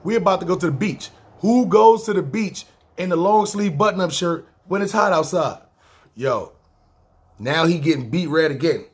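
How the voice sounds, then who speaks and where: Here a podcast storyteller with a husky, high voice moves at a moderate pace with lively intonation. He's a New Yorker with the accent to match, rambling casually through a long story, swearing often and voicing what others said.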